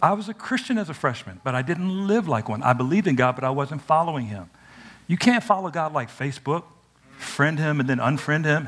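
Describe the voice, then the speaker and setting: A young man preaching an energetic sermon, animated and playful, swinging from loud cries to quiet asides. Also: a little high, moderate pace. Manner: conversational and playful, acts out quotes.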